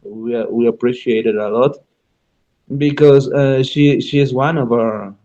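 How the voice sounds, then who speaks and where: Spanish-speaking guy hosting radio in english, slow and halting, lots of uh and restarts, muffled sound. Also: mid-range voice, mellow. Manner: halting, many restarts and fillers, thinking aloud. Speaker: radio show host. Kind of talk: unscripted radio talk about learning languages.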